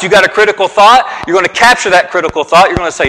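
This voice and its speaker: Middle-aged male pastor, sermon delivery, earnest storyteller, slightly high voice with long hall reverb. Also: very fast, bright, forceful tone, a little hiss or hum. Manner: earnest storytelling preacher, repeats phrases for emphasis.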